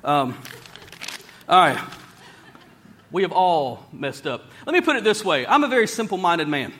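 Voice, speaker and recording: Guy preaching in church, high-pitched voice, folksy and plain, slows way down for bible verses. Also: very animated, bright, forceful tone, a little hiss or hum. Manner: folksy, plain-spoken, slows down to read scripture aloud. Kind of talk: sermon.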